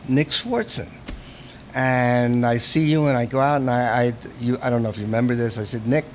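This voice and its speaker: A man's voice: medium pitch, fairly even intonation, a little fast, a little hiss or hum. A man hosting a casual bar chat who laughs easily and throws teasing follow-up questions at his guest. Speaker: bar host.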